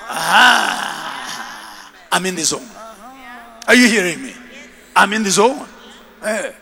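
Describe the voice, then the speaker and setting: Bishop, male, high and sharp, shouting sermon delivery, echoing church hall. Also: normal speed. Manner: animated, shouting, with bursts of laughter; calls for congregation repeat-after-me. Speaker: bishop, preacher. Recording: long reverb of a church hall.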